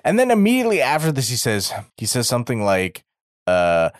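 A man co-hosting a podcast in casual chat, animated and swooping up into character voices as he recaps a show. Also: brisk, no echo, clean studio sound. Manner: animated, swings his pitch up when mimicking characters. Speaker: podcast co-host. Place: Japan.

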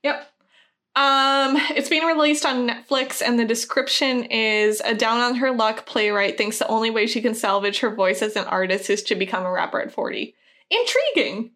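A woman's voice: a little high, moderate pace, a bit bright. Giggly, hesitant female podcast co-host. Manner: giggly, self-conscious, often laughing and hesitating with ums. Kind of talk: casual podcast chat.

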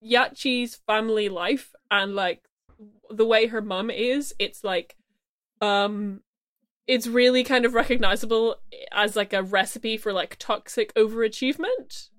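A woman with a somewhat high voice talks on a podcast, chatty and full of fillers. Her sound is dry and close, with little room around it. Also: measured pace, a bit bright, dry recording. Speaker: podcast co-host. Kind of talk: casual podcast chat.

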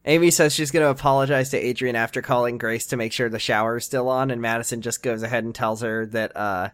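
A man's voice: mid-range voice, steady tone, quick pace, a bit bright, smooth. Dry-joking male podcast co-host. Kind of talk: casual recap chat.

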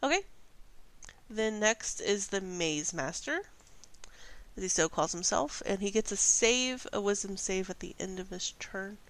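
A woman's voice: medium pitch, animated, unhurried, a bit bright, rough recording. Cheerful woman running a tabletop game. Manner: upbeat, laughs often, many okays. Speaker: game master.

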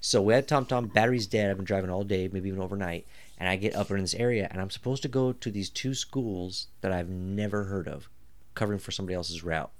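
A podcast host in his thirties tells a rambling, joking story packed with swearing, speaking fast in a low voice. It's casual storytelling.

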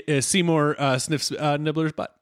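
A man co-hosting a podcast, recapping an episode in playful, animated chat. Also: fairly high pitch, no room sound, studio quality. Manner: animated, playful, quick to laugh. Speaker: podcast co-host.

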